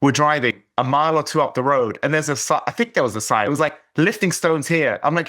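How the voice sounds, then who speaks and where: Speaking quickly in a slightly high, somewhat bright voice, this middle-aged English podcast host meanders through a casual anecdote, breaking off and restarting again and again.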